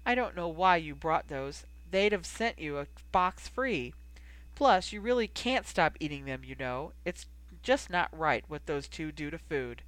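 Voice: mid-range voice, animated, a little slow, fairly bright tone, no echo. Feisty teasing young woman in an audiobook, read by the narrator, dry close sound. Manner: teasing, defiant. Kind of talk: audiobook character reading.

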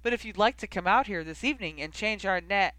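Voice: mid-range voice, fast, sharp tone, no room sound, lightly acted. Cheeky eager young man, narrator doing him, punchy dry read. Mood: excited.

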